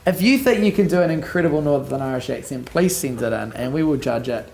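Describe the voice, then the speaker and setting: A woman's voice: a bass voice, expressive, fast talker, gravelly, warm tone. A young woman hosting a kids' church video, playful and teasing. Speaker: children's ministry host. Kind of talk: casual chat to kids.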